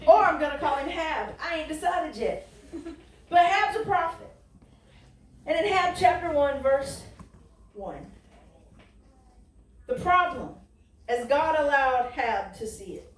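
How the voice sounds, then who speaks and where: Woman pastor, high voice, chatty call-and-response preaching, recorded far off in an echoey church. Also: expressive, takes it slowly, pauses often. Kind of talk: sermon. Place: church sanctuary. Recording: roomy, distant church recording.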